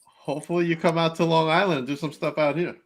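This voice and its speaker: A man hosts a live podcast chat in an easygoing way, reading out comments and asking questions. His voice sits slightly high. He laughs often. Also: steady tone, fast. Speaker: podcast host. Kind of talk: casual live podcast interview.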